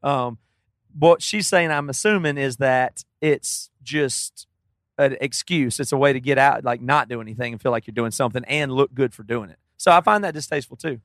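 A man's voice: mid-range voice, moderate pace, a bit bright, no room sound. A man co-hosting a podcast with dry, joking sarcasm in casual chat. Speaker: podcast co-host.

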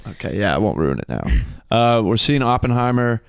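A young man in his twenties chats casually as a podcast co-host, joking and excitable, swearing freely. His voice is smooth and resonant, recorded dry and close with no room sound. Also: medium pitch, a little fast, dry recording. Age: 20s. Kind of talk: casual chat.

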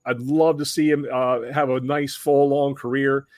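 A man hosting a podcast, telling a story casually with many restarts and animated impressions of the people in it. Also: medium pitch, unhurried, no room sound. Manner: animated, acts out other people in raised voices; conversational with frequent restarts. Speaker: podcast host.

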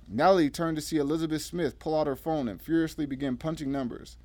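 A man's voice: a little high, steady tone, quick pace, a little mellow, no room sound. Male narrator, mid voice, dramatic read, dry. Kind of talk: dramatic fiction reading.

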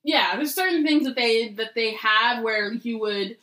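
A woman's voice: fairly high pitch, a little slow, bright, forceful tone, roomy sound, rough recording. A woman co-hosting a casual book podcast, talking in a slangy, laid-back way. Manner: casual, slangy, laughs often. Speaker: podcast co-host. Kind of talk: casual chat about a book.

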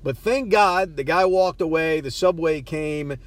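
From a parked car, a podcast host spins a casual, self-mocking story at a measured pace. His voice sits fairly high, the recording has no echo, and he keeps stammering as he begins his sentences again.

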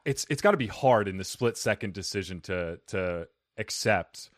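A man's voice: lowish voice, lively intonation, normal speed, no room sound, studio quality. A man hosting a podcast, upbeat and rambling, laughing often with his guest. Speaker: podcast host. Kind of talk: casual podcast chat.

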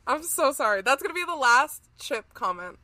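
A woman's voice: high-pitched, big pitch swings, a little slow, bright, forceful tone, dry recording. A woman co-hosting a true crime podcast, jokey and bubbly, chiming in with questions and teasing remarks. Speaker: podcast co-host. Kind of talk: casual true crime chat.

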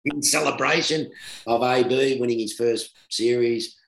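A middle-aged Australian man, a former cricketer, telling a long anecdote in a casual, animated way, often laughing. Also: mid-range voice, a little slow, gravelly, slight background noise. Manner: animated, laughing storyteller who acts out quoted voices. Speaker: former cricketer, guest storyteller. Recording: roomy echo.

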